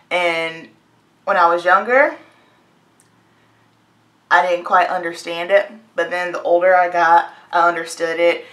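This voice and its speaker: A candid, opinionated woman in her late twenties talks straight to camera in a relaxed get-ready-with-me chat. Her voice sits fairly low but has a bright, forceful edge. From United States (Virginia, North Carolina). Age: late 20s. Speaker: hairstylist and beauty vlogger.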